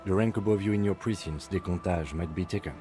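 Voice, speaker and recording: An actor playing a calm, reserved police lieutenant in a video game, speaking with a French accent in a measured, precise way. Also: male voice, sits low, close to an everyday voice. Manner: measured, precise, matter-of-fact. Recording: soft game music behind.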